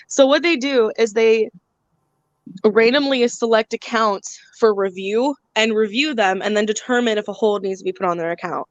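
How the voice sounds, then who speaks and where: A woman's voice: on the high side, normal speed. A woman hosts a casual live stream, venting in a loose, profane way with frequent laughter. The sound is muffled and lo-fi, and the room is dry, with no echo. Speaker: channel host.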